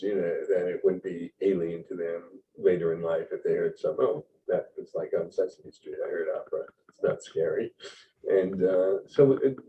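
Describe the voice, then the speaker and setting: Halting low-voiced man on a dull remote line. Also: warm tone. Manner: halting, searching for words, laughs often. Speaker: guest, TV writer. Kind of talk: casual interview chat. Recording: dull distant call audio with faint noise.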